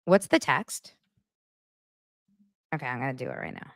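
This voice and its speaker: A woman's voice: a bass voice, normal speed, no echo, studio quality. A woman hosting a chatty reality TV gossip recap, talking straight to her viewers. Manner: animated, chatty, addresses viewers directly. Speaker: host.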